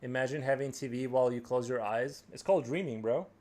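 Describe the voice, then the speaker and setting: A man's voice: medium pitch, fast, a little mellow. An American man with a standard accent, chatting casually and joking while he draws during a live stream. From United States. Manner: rambling, joking, reading chat aloud. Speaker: livestream artist.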